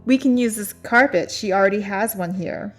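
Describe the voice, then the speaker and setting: A woman voicing an eerie female doppelganger who parrots words back flatly, with faint music behind. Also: mid-range voice, drawn-out words. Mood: eager.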